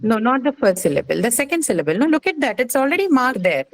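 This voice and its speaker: A woman's voice: on the high side, very animated, fast talker, a crowd in the background, poor audio. A woman teaching phonetics in a classroom, explaining step by step and checking in with "right?". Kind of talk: classroom lecture.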